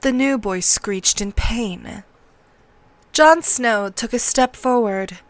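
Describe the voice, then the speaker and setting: A woman narrating a novel aloud in a measured, steady read-along style, close to the mic. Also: fairly high pitch, dry recording.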